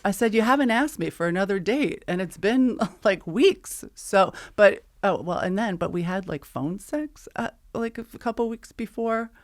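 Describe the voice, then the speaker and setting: A woman's voice: mid-range voice, lively intonation, normal speed, few pauses. A middle-aged woman co-hosting a podcast, chatting casually and telling a story, acting out the dialogue with plenty of laughs. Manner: chatty, re-enacts texts and dialogue with frequent laughs. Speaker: podcast co-host.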